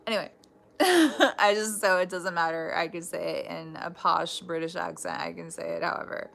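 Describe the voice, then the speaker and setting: A woman's voice: lowish voice, moderate pace, gravelly, a bit bright. A woman giving a casual live tarot reading, chatty and blunt, swearing freely and breaking off into laughs. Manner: restarts and trailing thoughts. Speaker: tarot reader.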